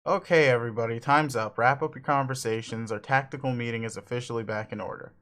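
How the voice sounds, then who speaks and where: A man's voice: medium pitch, steady tone, quick pace, fairly bright tone, lightly acted. A man voicing a cranky, bossy troll boy who curses at others while reading a comic aloud. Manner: brusque, cursing, bossy. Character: angry shouty troll boy leader.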